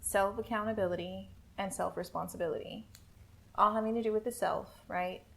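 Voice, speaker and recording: Female podcast host, casual and warm-hearted, earnest and affirming, mid pitch. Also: fairly even intonation, fairly quick, gravelly. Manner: supportive, earnest, speaks in affirmations. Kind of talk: casual chat.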